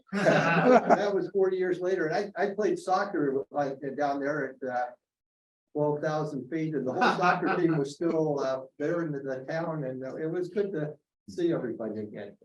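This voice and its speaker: A man in his seventies telling a story at a college reunion, halting with many fillers. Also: fairly high pitch, lo-fi sound. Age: 70s. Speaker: reunion alumnus. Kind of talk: casual storytelling. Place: college meeting room. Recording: roomy hall, distant mic, faint noise.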